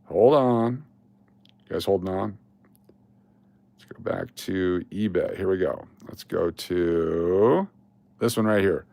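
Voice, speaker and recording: A man's voice: sits low, slow pace, creaky, long pauses, a little mellow, no echo. A man hosting a casual live stream, rambling along and breaking into sudden exasperated rants.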